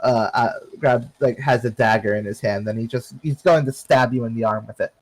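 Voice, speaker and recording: A man's voice: medium pitch, fairly quick, rough recording. A man narrating a tabletop game as game master, talking in a loose, rambling way and swearing freely.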